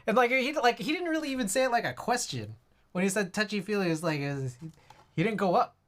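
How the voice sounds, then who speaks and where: A man's voice: sits high, animated, a little fast, a bit bright. A man chatting casually on a live stream while he works on a keyboard build. He rambles, fills his talk with "like", and chuckles often. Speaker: livestreamer. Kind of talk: casual livestream chat while working.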